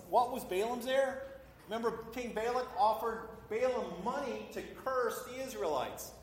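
Middle-aged preacher guy, pretty high voice, giving a sermon in a big echoey church. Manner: acts out voices in quotes, talks with a congregation. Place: church hall. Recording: echoey hall.

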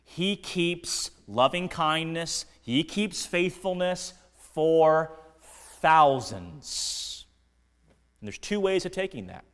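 Slow, earnest preacher in a reverberant church. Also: male voice, fairly high pitch, lively intonation, clear, resonant tone. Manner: slow, earnest preaching that swings between quiet and emphatic. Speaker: pastor. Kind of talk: sermon. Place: church sanctuary.

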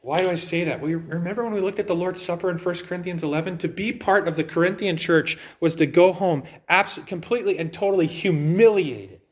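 Male preacher, a bit high-pitched, conversational sermon delivery with rhetorical questions. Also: fairly quick, hardly any pauses. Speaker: pastor.

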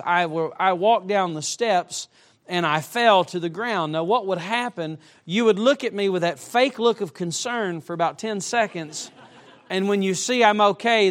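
A man's voice: high-pitched, fairly bright tone. A middle-aged man preaching a sermon in a church, emphatic and dropping humorous asides. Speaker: traveling preacher. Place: church sanctuary.

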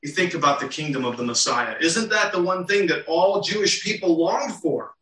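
A man's voice: fairly high pitch, lively intonation, moderate pace, sharp tone. A man preaching a sermon, teaching earnestly with rhetorical questions to the congregation. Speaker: pastor. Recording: roomy and distant.

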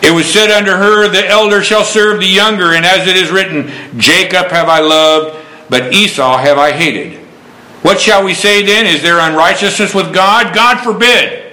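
A man preaching a folksy sermon, quoting scripture between homespun stories. His voice sits a little high and comes across bright and forceful. The room around him rings with echo. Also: moderate pace. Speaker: pastor.

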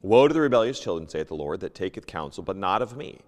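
A man teaching a Sunday school lesson, reading King James scripture aloud and moving between loud emphasis and hushed asides. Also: sits low, sing-song, fast, long reverb tail. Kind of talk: Bible teaching, sermon. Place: church.

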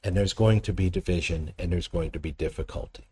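A man's voice: sits low, brisk, warm tone. Male pastor, conversational sermon delivery, reads verses aloud then explains them, asks the congregation questions.

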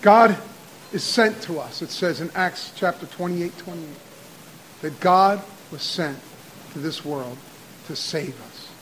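A male pastor preaching a midweek sermon. He rattles off scripture references and builds to loud, repeated declarations. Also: fairly high pitch, a little hiss or hum, rough recording. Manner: cites verses rapidly, builds to shouted repetition. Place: church.

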